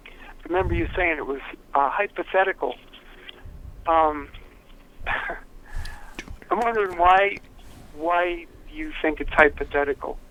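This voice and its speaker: A man leaving a hesitant voicemail full of pauses and fillers. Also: a little high, bright, forceful tone. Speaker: caller. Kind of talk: voicemail message. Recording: noisy phone voicemail.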